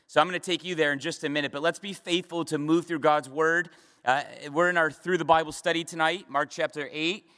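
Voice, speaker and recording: A man's voice: fairly high pitch, steady tone, a little fast, sharp tone. A man preaching a midweek Bible study sermon as a pastor, with emphatic repetitions and rhetorical questions. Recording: long hall reverb.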